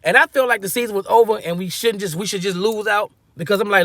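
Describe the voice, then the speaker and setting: A man's voice: sits high, quick pace, hardly any pauses, a bit bright, no room sound, studio quality. A man giving a casual, slangy football-fan rant, joking and acting out quotes as he goes. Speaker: sports fan commentator.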